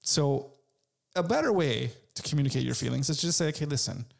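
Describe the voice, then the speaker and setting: A man's voice: medium pitch, animated, a little fast, gravelly. A man in his forties chatting bluntly about relationships, joking and swearing freely. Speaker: co-host. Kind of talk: casual chat.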